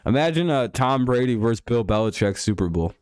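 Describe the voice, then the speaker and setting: A man's voice: medium pitch, lively intonation, a little fast, darkish tone, clean tone, dry recording, clean studio sound. A man hosting a casual live stream, riffing sarcastically and swearing freely. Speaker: podcast host.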